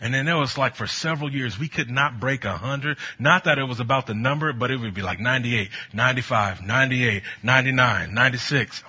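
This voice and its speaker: Man preaching, husky voice, piercing bright tone, muffled lo-fi recording, animated storytelling. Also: mid-range voice, a little fast, few pauses. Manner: animated, storytelling, rising to bold exhortation. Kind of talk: sermon with personal stories. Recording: dull lo-fi sound.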